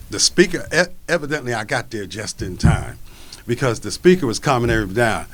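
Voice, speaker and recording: A man's voice: fairly low pitch, a bit bright. A man performing a spoken word story in a casual, chatty way, full of fillers. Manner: casual, conversational, many fillers like you know.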